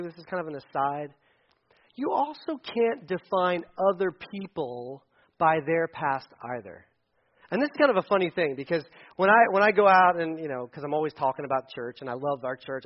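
A man preaching a sermon to his church, animated and conversational, often restarting his phrases and acting out voices. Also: a little high, highs cut off. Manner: animated, acts out voices in quotes, frequent restarts. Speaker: pastor. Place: church sanctuary.

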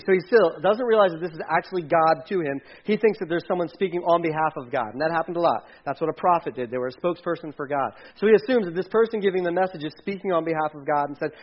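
A man preaching a sermon in a casual, animated way, acting out quotes and sometimes dropping his voice low. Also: very fast, hardly any pauses, dull audio. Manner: conversational, animated, acts out quotes, drops to hushed tones. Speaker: pastor.

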